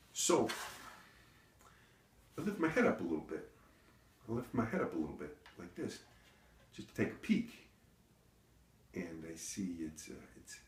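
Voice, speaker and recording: A comedian rambling through a comic story with self-interruptions and deadpan asides. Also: male voice, lowish voice. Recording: echoey room, distant mic.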